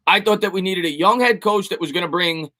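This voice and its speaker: A man hosts a relaxed live stream, reading viewers' questions and answering with firm, repetitive opinions. His voice sits high and sounds bright. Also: a little fast. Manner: rambling, repeats himself, emphatic opinions. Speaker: sports YouTuber answering live chat questions.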